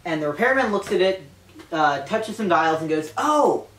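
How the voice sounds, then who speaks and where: A woman casually retelling a novel's plot to friends, animated, with frequent swearing and laughter. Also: on the low side, moderate pace, recorded from a distance, slight background noise. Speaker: podcast co-host retelling a novel. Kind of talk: casual storytelling chat. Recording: roomy, off-mic.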